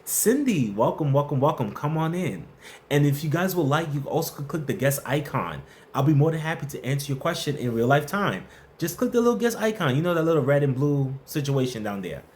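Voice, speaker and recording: A man's voice: fairly high pitch, big pitch swings, brisk, darkish tone. A man hosting a casual workplace advice livestream, answering viewer questions and greeting the chat by name in a playful, slangy way.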